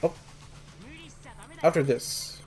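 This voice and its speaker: A let's play host sits with the game, reading each line of on-screen dialogue aloud in a flat, even voice. In the pauses they hum, sing little nonsense tunes and make small reactions. The delivery is relaxed and unhurried. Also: soft background music.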